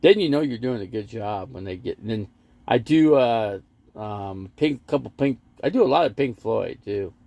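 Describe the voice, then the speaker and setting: Man, livestream host in his RV, gravelly and rambling, lively pitch. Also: moderate pace, muffled recording. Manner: rambling, chatty, jumps between topics and viewer comments. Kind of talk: casual live stream chat, reading comments aloud. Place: inside an RV parked in a lot.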